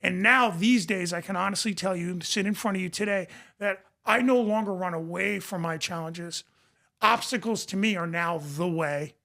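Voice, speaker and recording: A high-pitched man with a bright, forceful voice talks in a passionate, emphatic way. He repeats phrases to drive each point home and speaks as a recovery coach and podcast guest. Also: normal speed, vocal fry. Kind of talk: passionate conversation.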